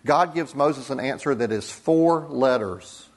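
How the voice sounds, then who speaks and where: A man preaching a sermon as pastor, deliberate, with dramatic pauses and soft drops for emphasis. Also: medium pitch.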